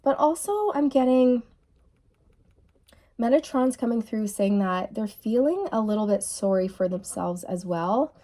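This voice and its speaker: A woman giving a channeled tarot reading to her viewers, musing softly and repeating key phrases. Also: on the high side, animated, unhurried. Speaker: tarot reader.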